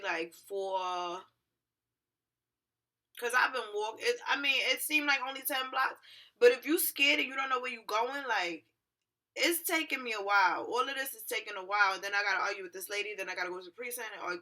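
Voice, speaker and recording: A young woman telling a story to her viewers in a casual vlog, acting out each person she met. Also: mid-range voice. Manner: animated, acts out every character in the story. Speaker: vlogger.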